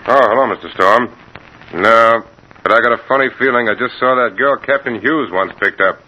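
An actor playing a folksy beat cop. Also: male voice, medium pitch, moderate pace, pushed and bright, natural voice. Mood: puzzled. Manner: easygoing, folksy street talk. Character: plain-spoken male beat cop. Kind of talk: 1940s radio acting. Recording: dull old radio broadcast.

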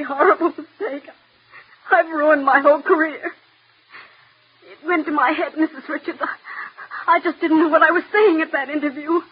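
An actress playing a desperate, tearful young aspiring actress in a 1940s radio drama, pleading with a breathless, emotional delivery. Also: female voice, high voice, close to an everyday voice. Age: young adult. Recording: muffled old radio recording.

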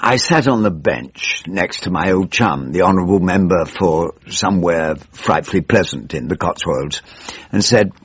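An actor playing a disillusioned, elderly English backbench politician in a comic radio monologue, with a plummy, drawling, world-weary manner. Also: male voice, low-pitched, lively intonation, moderate pace, breathy edge, dry recording. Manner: world-weary, exasperated and sardonic. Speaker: radio comedy monologue performer. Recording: dull lo-fi radio recording.

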